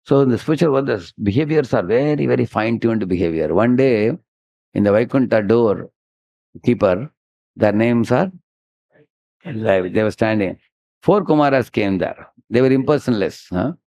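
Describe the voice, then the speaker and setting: A man with an Indian English accent gives a devotional lecture, telling stories in an animated way and prompting listeners with "huh?". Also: on the low side, normal speed, vocal fry, dry recording, muffled recording. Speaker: spiritual teacher giving a lecture. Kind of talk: devotional sermon with storytelling.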